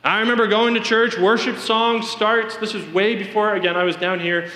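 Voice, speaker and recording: Male preacher, high bright tone, earnest testimony, roomy church reverb. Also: fairly even intonation, normal speed. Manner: earnest storytelling, addresses congregation directly. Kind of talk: sermon. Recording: echoey hall reverb.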